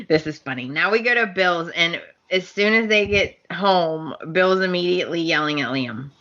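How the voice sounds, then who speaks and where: Lively woman recapping a soap, slow and bright. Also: fairly low pitch, highs cut off. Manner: animated storyteller, acts out scene quotes with laughs. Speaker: podcast co-host recapping a soap opera. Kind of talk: casual chat.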